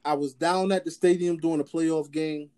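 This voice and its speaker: A man's voice: on the high side, steady tone, moderate pace, mellow, clear, resonant tone. A man co-hosting a casual sports chat, emphatic and repetitive, stammering as he starts his sentences. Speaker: podcast co-host.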